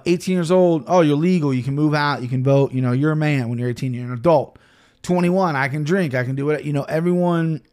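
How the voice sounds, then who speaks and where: A man in his thirties hosting a podcast in a casual, rambling monologue, swearing often and full of fillers and restarts, soft and emotional at times. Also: medium pitch. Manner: soft and emotional when talking about his daughter. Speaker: podcast host.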